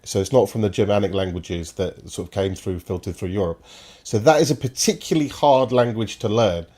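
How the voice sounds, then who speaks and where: A man's voice: lowish voice, fairly quick, dark tone. A man hosting a football stream, giving opinionated, enthusiastic commentary that rambles at times. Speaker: football podcast host.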